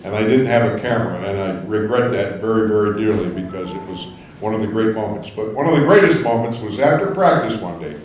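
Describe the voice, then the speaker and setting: A man's voice: lowish voice, animated, fairly quick, darkish tone, slight background noise. Man telling a story in an echoing hall. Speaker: banquet speaker. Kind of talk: after-dinner remarks and anecdote. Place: large banquet hall. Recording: echoey hall, mic far off.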